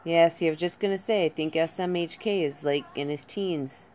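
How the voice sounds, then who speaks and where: A woman chatting casually on a live stream, calling viewers by name and comforting them gently. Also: sits low, moderate pace, slight background noise.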